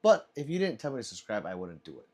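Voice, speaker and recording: A man's voice: lowish voice, huge pitch swings, fast talker, a little mellow. A man hosting a casual livestream, reading chat aloud, laughing often and swearing freely.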